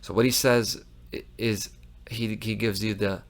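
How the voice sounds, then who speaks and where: A man's voice: on the low side, fairly even intonation, unhurried. A man hosting a commentary show, talking in a heated, emphatic way with frequent restarts. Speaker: host. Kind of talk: impassioned commentary monologue.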